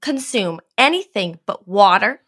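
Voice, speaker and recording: A woman's voice: mid-range voice, expressive, unhurried, a bit bright. A woman playing an eager, hungry leader of a strict retreat in an improvised comedy scene, giddy and repeating herself. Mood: stern. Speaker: improv performer.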